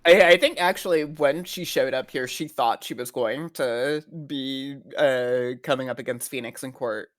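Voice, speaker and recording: A woman playing a game with friends on stream, playful and quick to react, swearing casually. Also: extremely low pitch. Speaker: co-player. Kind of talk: casual let's-play chat.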